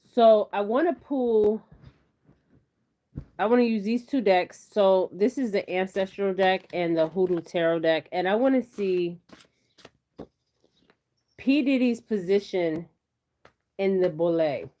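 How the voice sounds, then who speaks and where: A woman's voice: medium pitch, takes it slowly, pauses often, mellow. A woman doing a casual tarot reading on camera, chatting in a rambling way and often checking in with "okay?". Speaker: tarot reader. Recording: slightly dull lo-fi audio.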